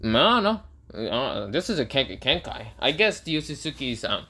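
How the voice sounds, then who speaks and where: A cocky teenage boy bonded to a hungry alien symbiote, brash and gleeful, put on by a man telling a fan story. His voice comes out bright and lively, swinging widely in pitch. He has a boastful edge. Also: normal speed, heavily acted.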